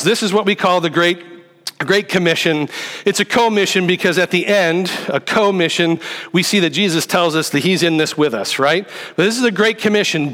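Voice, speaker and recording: A man's voice: sits high, fairly bright tone. A man preaching a sermon as pastor, teaching in a conversational way with rhetorical questions to the congregation. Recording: long hall reverb.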